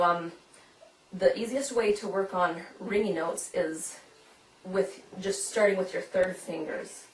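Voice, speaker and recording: A woman's voice: on the low side, slight background noise. A woman teaching violin, explaining step by step and demonstrating as she goes, recorded from a distance in an echoey room. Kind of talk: instructional demonstration.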